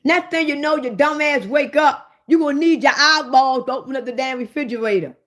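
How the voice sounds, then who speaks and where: A woman in a comedic rant, swearing freely and calling out to her listeners. Her voice sits high, and her delivery is animated. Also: fairly quick. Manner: profane, animated, addressing listeners directly. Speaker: host.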